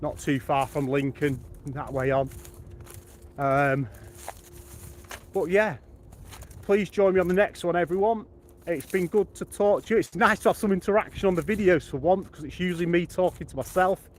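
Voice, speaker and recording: A man's voice: high-pitched, moderate pace. A young English man from the Midlands, casually chatting on a live stream while out walking his dog, thanking viewers by name. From England. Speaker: football channel vlogger.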